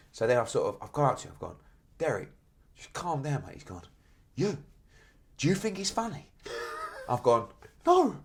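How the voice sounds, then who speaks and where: A middle-aged man, a boxing promoter and guest, telling lively stories with acted-out quotes in a casual podcast chat. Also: mid-range voice. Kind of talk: animated storytelling in a podcast chat.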